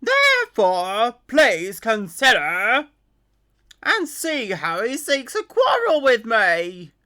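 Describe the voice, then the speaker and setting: A woman voicing a distraught king in a Bible reading, loud, slow and declaiming. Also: fairly high pitch, huge pitch swings, voice pushed up, heavily acted. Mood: anguished. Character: distraught old king, grand and anguished. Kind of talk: Bible reading with put-on voices.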